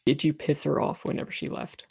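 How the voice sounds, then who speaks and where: A young man running a tabletop game as game master, halting with many fillers and restarts. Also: a little high, big pitch swings, creaky, darkish tone, breathy edge.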